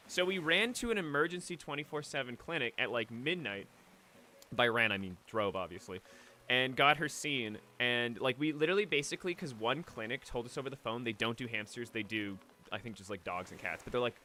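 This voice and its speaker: A man's voice: medium pitch, animated, brisk, bright, forceful tone, a little hiss or hum. A young man on a late-night game stream, rambling emotionally about a lost pet, choked up at times. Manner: rambling, emotional, with restarts and swearing.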